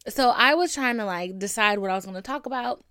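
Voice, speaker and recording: A young woman hosting her own podcast, venting and telling stories in a candid, profane, animated way. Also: a little high, quick pace, clean tone, no echo, clean studio sound. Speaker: podcast host. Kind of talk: casual solo podcast venting.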